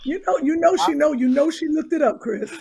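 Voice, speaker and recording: A woman co-hosting a comedic casual chat, with loud, laughing interjections. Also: high-pitched, animated, fairly quick, vocal fry. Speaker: co-host.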